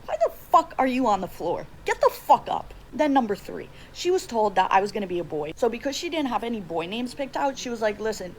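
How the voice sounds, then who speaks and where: Woman, casual storytime delivery, animated, acts out shouting, light background noise. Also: mid-range voice, low-quality recording. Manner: expressive, acts out quoted yelling. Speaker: storyteller in clip.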